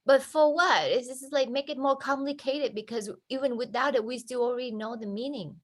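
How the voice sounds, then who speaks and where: A woman's voice: high voice, fairly quick. A woman student in a language class, pressing her teacher with long, probing questions. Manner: probing, argues her point at length.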